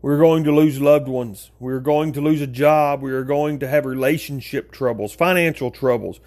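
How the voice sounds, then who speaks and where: A man preaching an informal sermon, talking straight to his listeners as folks, with big swings in pitch. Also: normal speed, darkish tone.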